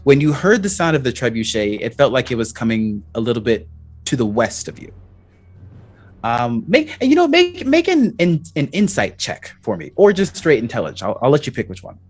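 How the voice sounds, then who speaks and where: A man running a tabletop game as game master, describing scenes in halting bits. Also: medium pitch, big pitch swings, husky.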